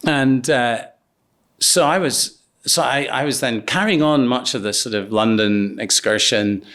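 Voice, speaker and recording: A man's voice: mid-range voice, a little slow, a bit bright. A middle-aged man telling a career anecdote as an interview guest, hesitant with many ums and restarts. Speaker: business partner guest.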